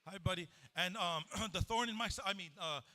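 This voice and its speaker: A man's voice: sits high, fairly quick, sharp tone. A man from Hawaii, giving a live recovery testimony to a crowd in an event hall over a handheld mic and joking with the audience. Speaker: recovery speaker.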